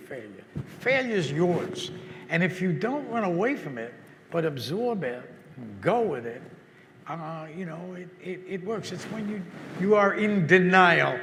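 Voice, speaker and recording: Older male guest, gravelly and bright, fairly high, halting and reflective, reverberant hall. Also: a little hiss or hum. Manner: halting, repeats words while searching for thoughts. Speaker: interview guest. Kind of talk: reflective conversation.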